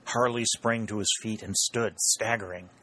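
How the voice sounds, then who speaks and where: A man narrates a historical novel in a low voice, reading at a measured and even pace. His storytelling is steady and scripted, in the manner of an audiobook.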